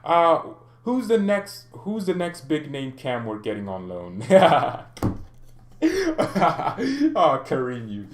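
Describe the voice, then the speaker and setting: A man's voice: mid-range voice, lively intonation, unhurried, few pauses, roomy sound, a little hiss or hum. A man hosting a fan channel, chatting casually on a live stream, joking, ranting and answering viewer comments with frequent laughs. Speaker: football fan channel host.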